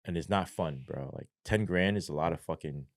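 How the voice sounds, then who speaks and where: Profane storytelling ex-cop, low voice. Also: male voice, fairly quick, no echo, studio quality. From New York. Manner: profane, animated storytelling with acted quotes. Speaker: podcast guest, former police sergeant. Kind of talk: casual storytelling interview.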